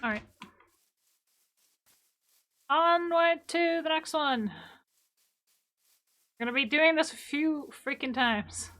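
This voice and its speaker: A woman streaming a game casually, giggling often, swearing freely and breaking into loud exclamations. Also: sits high, a little slow. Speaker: livestreamer.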